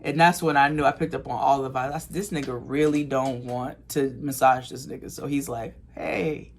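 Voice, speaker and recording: Animated male podcast storyteller. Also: medium pitch, moderate pace, slight background noise. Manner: animated storyteller acting out quoted voices, bursts of loud laughter. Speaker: podcast co-host.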